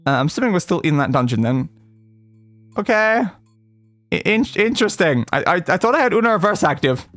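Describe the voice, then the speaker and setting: A man's voice: high-pitched, sing-song, fairly quick, long pauses, a bit bright, dry recording, faint music behind. A man streaming a retro role-playing game, chatting casually and rambling with lots of fillers and restarts. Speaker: gaming streamer. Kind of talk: casual let's-play chat.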